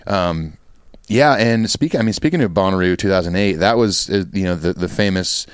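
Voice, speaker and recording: A man's voice: deep voice, normal speed, clean tone, dry recording, clean studio sound. A man co-hosting a podcast in easygoing, agreeable casual chat that tends to ramble. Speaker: podcast co-host.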